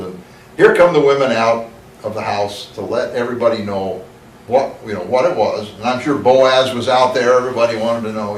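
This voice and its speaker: A man teaching a Bible lesson in a church, reading scripture slowly and emphatically, then explaining it in a conversational way with asides. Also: mid-range voice, slight background noise. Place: church room. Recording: echoey room, mic at a distance.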